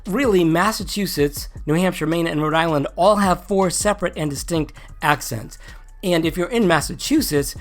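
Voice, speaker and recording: A video host from New England who speaks in a neutral General American accent, having mostly dropped the native one, giving a casual explainer with wry, joking asides. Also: mid-range voice.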